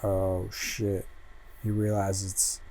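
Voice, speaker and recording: A man hosting a casual livestream, flipping through a comic book and muttering relaxed asides, swearing freely as he goes. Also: sits low, slow pace, no echo.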